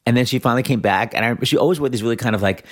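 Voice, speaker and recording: A man hosting an interview podcast, chatty and animated, laughing often as he tells stories. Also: medium pitch, racing. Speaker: podcast host. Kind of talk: casual interview chat.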